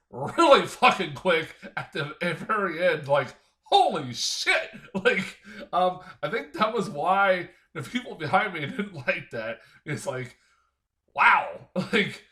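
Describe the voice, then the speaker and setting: Animated, swearing guy reviewing films. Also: sits high. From United States. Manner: rambling, profane, chuckling, lots of fillers. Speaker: film reviewer. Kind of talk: casual film review.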